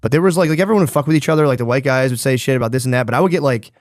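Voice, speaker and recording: A man from the Philly area talks quickly on a podcast, dropping deadpan, profane jokes. His mid-range voice sits close and dry on the mic. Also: mid-range voice, no echo. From Philadelphia area. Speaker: podcast co-host. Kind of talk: casual chat.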